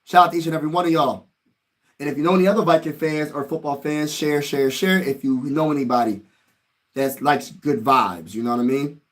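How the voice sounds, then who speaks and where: High-voiced excitable livestream host. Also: male voice, fairly quick. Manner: excitable, swings between muttering and shouting; slangy, talks straight to chat. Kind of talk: casual live-stream reaction commentary.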